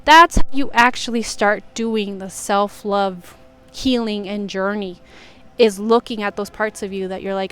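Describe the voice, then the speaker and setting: A woman's voice: medium pitch, steady tone, unhurried, a bit bright, clear, resonant tone, faint music behind. A young adult woman talking earnestly and casually to camera about self-love, with many "like" fillers. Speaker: self-help vlogger. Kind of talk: casual reflective monologue.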